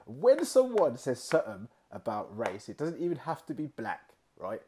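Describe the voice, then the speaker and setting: Man, lively pitch, slangy, casual chat. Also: moderate pace, slight background noise. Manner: loose and chatty, full of tag questions and slang. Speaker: comedian and podcast guest.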